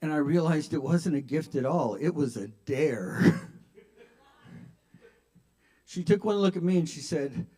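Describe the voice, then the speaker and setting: An older man doing a self-mocking stand-up set at an open mic, shifting between mumbled asides and loud punchlines. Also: fairly high pitch, animated, a little slow, long pauses. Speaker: stand-up comedian. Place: open mic at a kava bar.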